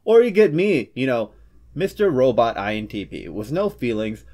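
A man's voice: medium pitch, sing-song, dark tone. Playful man hosting a scripted explainer. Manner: playful, breaks into quick comic character voices. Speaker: host of a personality-psychology channel. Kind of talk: scripted explainer with joking asides.

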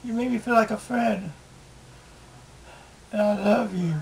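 A man recording a video diary at home on a camera mic, pleading and repeating himself in halting, emotional speech. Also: high voice, steady tone, gravelly, poor audio. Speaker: video blogger.

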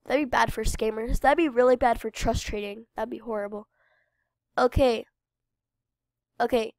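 Her nose stuffed from a head cold, a woman hosting a game channel rambles cheerfully through casual commentary, addressing her viewers. She keeps a steady tone at a moderate pace, her fairly high voice fraying into gravelly fry at phrase ends, in a dry, close recording with no room sound.

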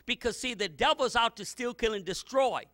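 A male pastor delivers a sermon in a high, piercingly bright voice. He drifts through loose asides, then builds to fervent, near-shouted retellings of scripture. The sound is close and dry. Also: expressive, moderate pace, no room sound. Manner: loose, rambling asides with repeated words.

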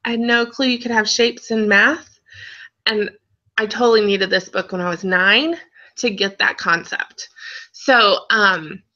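A woman's voice: medium pitch, steady tone, a little slow, pushed and bright, lo-fi sound. A woman chatting lightheartedly over a video call while presenting a children's workbook. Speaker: book seller co-presenter. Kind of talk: casual book showcase.

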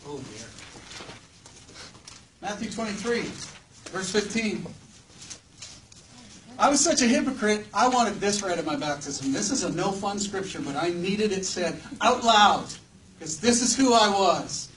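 A man's voice: high voice, expressive, measured pace, pauses often, a bit bright. A man preaching a sermon to a live audience in a church hall, conversational and joking, often putting questions to the listeners. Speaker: preacher at a campus ministry gathering. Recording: distant mic with faint background noise.

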